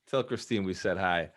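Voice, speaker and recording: A man coaching a live online group, energetic and repetitive, often laughing as he talks. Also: sits low. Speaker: business coach.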